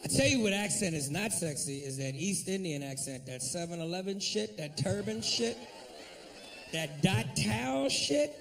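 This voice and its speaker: A man doing a profane, animated stand-up routine, talking straight to the crowd at a comedy club. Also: high-pitched, moderate pace, creaky, distant mic.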